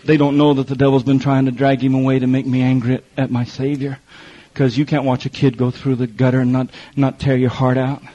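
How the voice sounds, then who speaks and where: A middle-aged man tells folksy testimony stories from the pulpit, voicing the other people in them and repeating key lines. His mellow mid-range voice shows little pitch movement, and he goes a little fast with few pauses. The recording is muffled and lo-fi.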